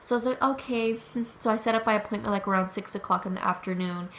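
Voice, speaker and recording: A woman's voice: medium pitch, fast, fairly bright tone, slight background noise. A young woman casually telling a story to camera, chatty, swearing a lot and acting out what she and others said. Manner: chatty, swears a lot, quotes herself with "I was like". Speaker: vlogger.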